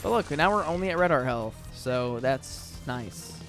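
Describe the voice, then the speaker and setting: A young American man from the southern United States, a gaming YouTuber, chats casually through a let's-play, rambling with lots of "like" and "um". His medium-pitched voice is animated and measured in pace, heard over music.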